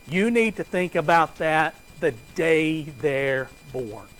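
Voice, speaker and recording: A man's voice: fairly high pitch, animated, takes it slowly, fairly bright tone, a little hiss or hum, poor audio. A man giving a conversational finance lecture to a class, asking students questions and joking with them.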